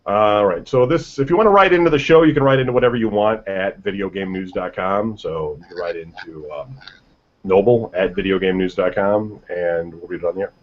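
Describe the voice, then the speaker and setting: A man's voice: sits low, brisk. A man hosting a podcast in casual chat, loose and rambling as he reads out listener emails. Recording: dull lo-fi podcast audio.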